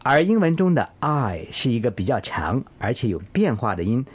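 A man co-hosting a pronunciation lesson, a native Mandarin speaker explaining clearly and steadily. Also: mid-range voice, sing-song, moderate pace, few pauses. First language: Mandarin Chinese. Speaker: co-host of English pronunciation lesson. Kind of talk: scripted radio lesson, explaining in Chinese.

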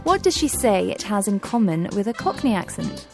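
A woman presenting a language-learning programme, explaining points clearly and in a friendly way from a script. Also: mid-range voice, big pitch swings, normal speed, over music.

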